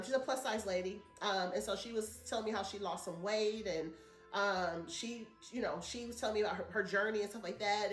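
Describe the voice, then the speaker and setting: A woman vlogger talks casually to camera, telling her viewers a rambling story. Her voice is mid-range and the sound is roomy.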